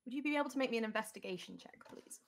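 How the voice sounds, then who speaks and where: A woman's voice: a little high, lively intonation, rapid-fire, vocal fry, a little hiss or hum. A woman game master narrating an online tabletop game in a loose, descriptive way, thinking aloud as she goes.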